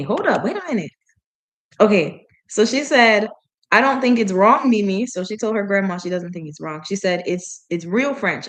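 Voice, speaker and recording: A chatty woman reads aloud slowly, breaking off to puzzle over words and laugh at herself. Her voice sits at an ordinary middle pitch and her talk is loose and unscripted. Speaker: language learner reading aloud. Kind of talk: casual reading practice with commentary.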